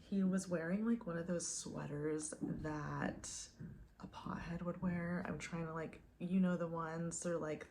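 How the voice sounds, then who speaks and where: A woman's voice: fairly low pitch, steady tone, measured pace, creaky, a little mellow, a little hiss or hum. A young woman telling a dating story casually, chatty and full of "like" fillers. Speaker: vlogger.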